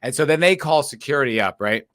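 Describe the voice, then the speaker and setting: Podcast co-host, male, mid-pitch, dry close mic; animated swearing storyteller. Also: fast, dry recording. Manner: animated storyteller, swears often, laughs through his telling. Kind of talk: casual chat, storytelling.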